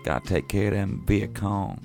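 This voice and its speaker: A man's voice: fairly low pitch, wildly swooping pitch, moderate pace, vocal fry, music in the background, exaggerated voice. A man voicing a naive, homesick young soldier who is scared and earnest.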